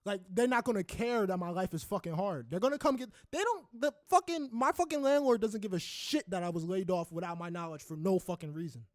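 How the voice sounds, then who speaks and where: Fired-up high-voiced man ranting. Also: fairly quick, hardly any pauses, no echo, studio quality. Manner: heated, profane ranting with many restarts. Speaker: podcast co-host. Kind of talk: casual podcast chat.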